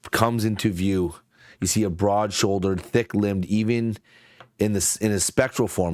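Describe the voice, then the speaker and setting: A man narrating a tabletop game as game master, in a halting way with fillers. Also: on the low side, a little mellow, dry recording, clean studio sound.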